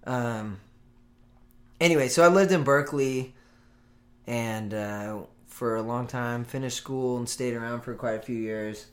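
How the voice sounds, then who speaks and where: A man's voice: medium pitch, unhurried, roomy sound. A man from California chatting casually as a guest, hesitant with frequent restarts and easy laughs. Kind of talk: casual chat.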